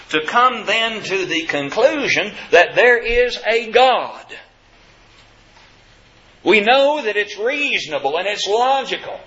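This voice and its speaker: Animated preacher man, echoey muffled room. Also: sits high. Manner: emphatic, rhetorical questions, addresses congregation as beloved. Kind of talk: sermon.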